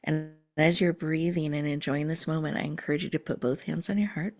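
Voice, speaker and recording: A woman host leading a slow, soothing guided breathing meditation, sometimes dropping to a whisper. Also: low voice, fairly even intonation, darkish tone.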